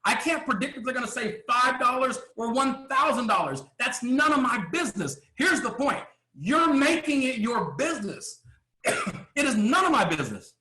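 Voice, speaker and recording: A business coach gives a motivational talk in a high, bright voice with lively intonation that swings widely in pitch, speaking at normal speed. He hammers his points with rhetorical questions, pausing occasionally to clear his throat, and the room rings with echo.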